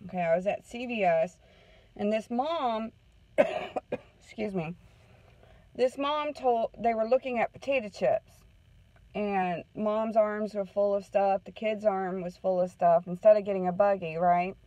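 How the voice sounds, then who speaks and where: A woman's voice: medium pitch, unhurried, warm tone, no room sound, poor audio. A woman counselor giving a casual morning talk, chatting through a story and checking in with her listeners. Her voice sits in a middle range. It is recorded close and dry. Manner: chatty storytelling, keeps asking "okay?". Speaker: parenting counselor.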